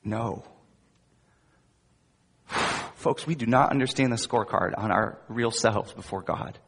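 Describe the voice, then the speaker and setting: A male pastor preaching a sermon, emphatic, swinging between loud emphasis and soft, quiet asides. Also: on the low side, unhurried, a little hiss or hum. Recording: husky voice with long hall reverb.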